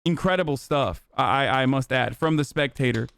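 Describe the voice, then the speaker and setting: A young man of Turkish origin, hosting a live stream with profane, animated ranting commentary. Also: medium pitch, normal speed, creaky, clear, resonant tone. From Turkey.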